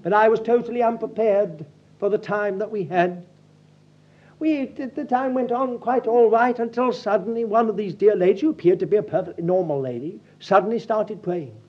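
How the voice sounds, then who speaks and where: A man's voice: high-pitched, moderate pace, lo-fi sound. A man preaching a sermon, telling stories and acting out the people in them. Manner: storytelling, animated, acts out quotes.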